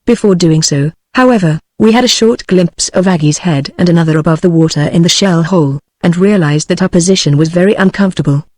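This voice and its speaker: A woman's voice: lowish voice, brisk, hardly any pauses, dry recording. Synthetic British woman reading a novel. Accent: British English. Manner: even, steady synthetic delivery. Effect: synthetic text-to-speech voice. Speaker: audiobook narrator. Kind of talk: text-to-speech audiobook reading.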